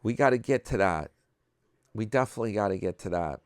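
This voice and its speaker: A man's voice: on the low side, expressive, brisk, smooth, dry recording, clean studio sound. A man from New York talking casually to his subscribers, rambling and mocking himself. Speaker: vlogger host. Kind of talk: casual chat.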